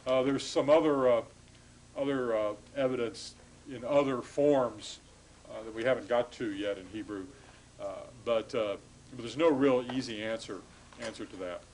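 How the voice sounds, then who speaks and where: A man's voice: mid-range voice, normal speed, a little mellow, slight background noise, poor audio. A man giving a classroom lecture to students, explaining patiently with frequent hesitations and restarts.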